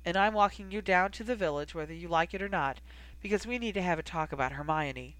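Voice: medium pitch, quick pace, a bit bright, no room sound, lightly acted. A reader voicing a feisty, teasing young woman who talks back defiantly, in an audiobook reading.

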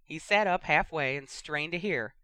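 Bright, dry audiobook narrator. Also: medium pitch, normal speed, dry recording. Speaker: audiobook reader.

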